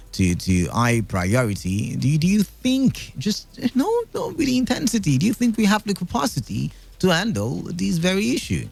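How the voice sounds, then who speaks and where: A man with a Nigerian accent hosting a call-in radio talk show, thinking aloud with laughs and frequent fillers. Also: mid-range voice. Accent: Nigerian English.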